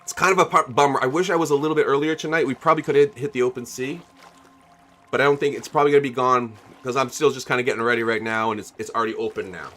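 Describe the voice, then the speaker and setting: A man's voice: mid-range voice, fairly even intonation, racing, fairly bright tone, faint music behind. A man livestreaming a game with a mid-range voice talks casually to his chat. He rambles, laughs often and thanks viewers by name as he goes. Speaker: game streamer.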